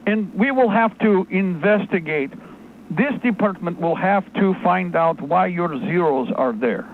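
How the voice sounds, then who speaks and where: A cold, condescending bureaucrat with a mock-Soviet air, as a man puts him on, spelling out each formal phrase slowly and smugly. The sound is thin and phone-like, with faint hiss underneath. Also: high voice, expressive. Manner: slow, condescending, clipped formal speech. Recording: tinny phone-line audio, faint noise.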